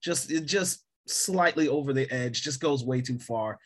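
A man chatting on a film podcast in an easy, rambling way. He fills his sentences with "like" and breaks into laughter often, and his voice sits at an ordinary middle pitch. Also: a little slow. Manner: laughs often, many "like" fillers. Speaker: podcast co-host. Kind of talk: casual film review chat.

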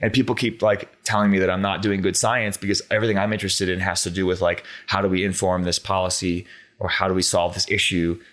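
Fast-talking man telling a rambling story. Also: sits low. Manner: animated, rambling with many filler words. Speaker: guest, conservation scientist. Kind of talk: casual storytelling interview.

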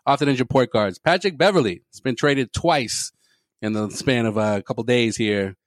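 A man's voice: mid-range voice, normal speed, dry recording, clean studio sound. A man co-hosting a casual sports talk show, crude and laughing, tossing in mock voices. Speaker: podcast co-host.

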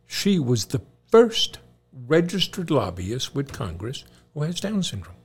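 A man's voice: medium pitch, sing-song, unhurried, husky. A middle-aged man co-hosting a casual chat with his son, telling jokes and sharing good news in a playful, chuckling way. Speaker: co-host, father.

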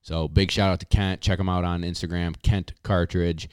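A man hosting a casual podcast, reading sponsor spots in a hyped, slangy way with drawn-out catchphrases. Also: low-pitched, level tone, darkish tone, clean tone, dry recording, studio quality. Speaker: podcast host.

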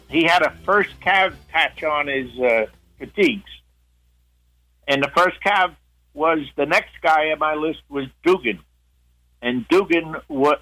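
A man's voice: mid-range voice, pushed and bright, low-quality recording. An older man, a guest on the show, telling a long story in a casual way, with many restarts and acted-out quotes.

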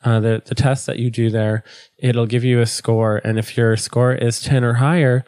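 A man's voice: medium pitch, little pitch movement, moderate pace, darkish tone, clean tone, no echo, clean studio sound. Earnest man with a cold-stuffed nasal voice. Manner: earnest, pleading. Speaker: podcast host. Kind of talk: solo podcast talk.

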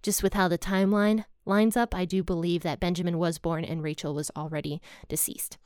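Brief: female podcast host, mid-pitched, dry close sound, relaxed storytelling with lots of personal asides. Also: clean tone, no echo. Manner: conversational, thinks aloud with frequent "I think". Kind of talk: casual Bible story retelling.

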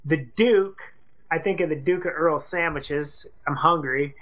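A woman's voice: deep voice, a little slow. A young woman from Colorado co-hosting a radio show, playful and jokey. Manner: playful, jokey, slips into silly voices. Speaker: radio co-host. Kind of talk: casual radio banter.

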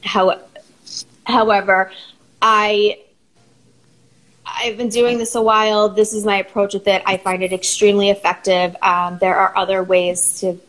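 A woman therapist, a guest on a talk show, explaining ideas in a steady teaching tone. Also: medium pitch, a little slow, long pauses, poor audio. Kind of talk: conversational explanation.

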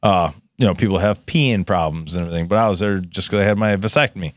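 A man's voice: low-pitched, quick pace, no echo, studio quality. A man co-hosting a podcast, telling crude stories in a casual chat, laughing and acting out the voices of the people in them. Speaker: podcast co-host.

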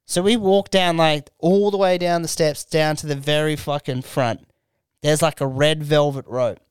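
A man's voice: a little high, fairly even intonation, moderate pace, clean tone, no echo. Australian man telling a rowdy story. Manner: rambling, swears freely, acts out voices. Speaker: podcast host. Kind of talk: casual storytelling chat.

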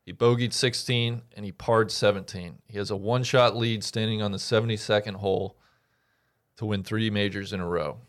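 A man's voice: fairly low pitch, fairly even intonation, normal speed. A man co-hosting a casual podcast, walking his friends through notes with frequent hesitant fillers. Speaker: podcast co-host presenting research.

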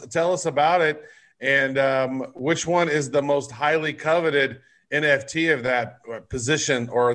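A man's voice: mid-range voice, fairly bright tone. A man co-hosting a podcast, chatting in an easygoing way and laughing along. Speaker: podcast co-host. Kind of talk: casual podcast chat.

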